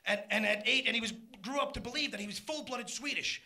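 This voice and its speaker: A middle-aged man doing a live stand-up routine, punchy and loud, shouting his punchlines. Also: very high-pitched, fast. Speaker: stand-up comedian.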